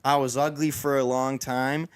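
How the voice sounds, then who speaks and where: A man hosting a casual podcast, telling stories with many restarts, his voice going hoarse after a sick weekend. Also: mid-range voice, little pitch movement, normal speed, dry recording. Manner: rambling storyteller with many restarts. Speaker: podcast host. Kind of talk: casual chat.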